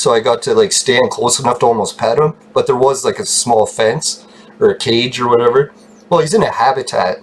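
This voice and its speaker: A man telling a long rambling story in a casual vlog, swearing freely, getting excited and laughing often. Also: mid-range voice, a little hiss or hum. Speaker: channel host telling a story.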